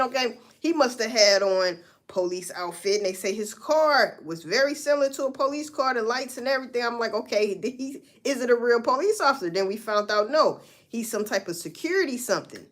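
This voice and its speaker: A woman hosting a casual livestream, giving blunt, profane commentary and talking straight to her viewers. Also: on the high side. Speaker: livestream host.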